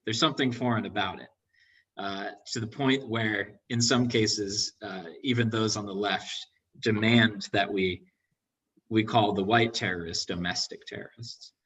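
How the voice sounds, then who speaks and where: A man's voice: fairly low pitch, steady tone, a little slow, a bit bright, breathy edge. Hesitant man, distant from the mic. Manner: hesitant, many fillers. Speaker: audience member asking a question. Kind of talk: academic Q&A comment.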